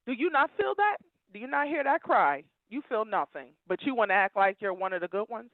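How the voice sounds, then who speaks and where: A woman's voice: a little high, expressive, brisk, dry recording. Fiery woman caller on a tinny phone line. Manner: preachy, fiery, repeats phrases for emphasis. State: emotional. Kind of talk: impassioned call-in rant.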